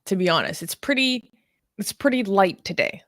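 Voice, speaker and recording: A woman's voice: medium pitch, very animated, moderate pace, a bit bright, no room sound. A young woman co-hosting a news talk show in a casual, chatty way with many fillers.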